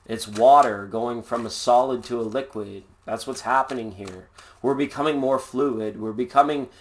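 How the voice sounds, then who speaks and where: Male live-stream tarot reader, mid-pitched voice, easygoing, punning, rambles cheerfully. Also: normal speed, a little hiss or hum. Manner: playful, jokey, rambling with puns; laid-back and upbeat. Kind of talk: casual live tarot reading.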